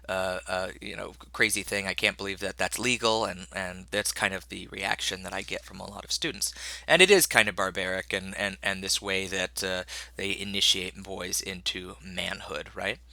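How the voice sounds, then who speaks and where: Middle-aged male instructor with a low but very bright voice, recorded dry and close. Rambling lecture delivery with fillers and restarts, a little under the weather. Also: no room sound. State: slightly ill, coughing. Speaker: college instructor.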